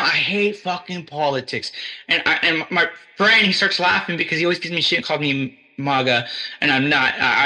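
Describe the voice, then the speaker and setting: American guy ranting loose and sweary, high bright voice. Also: low-quality recording. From United States. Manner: rambling and profane, many restarts. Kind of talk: casual chat.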